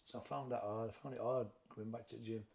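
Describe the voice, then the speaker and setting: A middle-aged boxing trainer and former fighter from Sheffield, England, with a Sheffield Yorkshire accent, tells his story in an interview, frank, reflective and plain-spoken. His voice is fairly low, fast and fairly even, a little mellow with vocal fry, in an echoey room.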